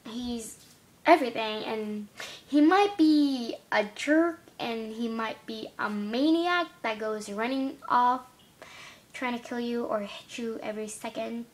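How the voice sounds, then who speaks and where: A woman's voice: a little high, unhurried. A girl vlogging casually, rambling and giggling as she talks about her classmates. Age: young girl. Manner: chatty, giggly, rambling with restarts. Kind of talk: casual chat to camera.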